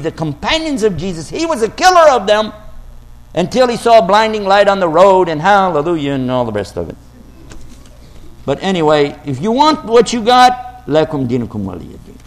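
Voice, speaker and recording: Brief: high-pitched male preacher, argumentative, theatrical scripture quotes. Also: big pitch swings, normal speed. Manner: argumentative, quotes scripture dramatically, rises to shouts. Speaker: Islamic preacher. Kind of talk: religious talk to an audience.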